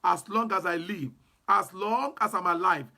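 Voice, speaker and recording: A Nigerian apostle and preacher delivers a fervent sermon and leads prayer, repeating declarations and breaking into tongues. His high-pitched voice is gravelly, pushed and bright, at a moderate pace.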